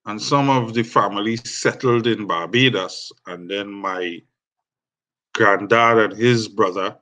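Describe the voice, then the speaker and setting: Trinidadian man guest, unhurried, reflective storyteller, slow delivery. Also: fairly low pitch, pushed and bright. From Trinidad and Tobago. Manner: measured, reflective. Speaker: guest musician. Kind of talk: storytelling interview.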